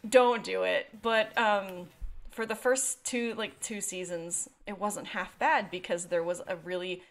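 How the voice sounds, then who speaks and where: A woman's voice: medium pitch, fairly even intonation, measured pace. Wry, talkative young woman podcaster. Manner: talkative, wry and sarcastic, rambling on side thoughts. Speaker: podcast co-host. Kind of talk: casual podcast chat.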